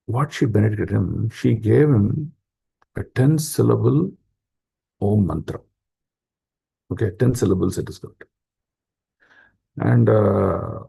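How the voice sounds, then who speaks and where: A man's voice: on the low side, vocal fry, mellow, breathy edge. A man giving an informal scripture class, explaining step by step with rhetorical questions and many fillers. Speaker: spiritual class speaker.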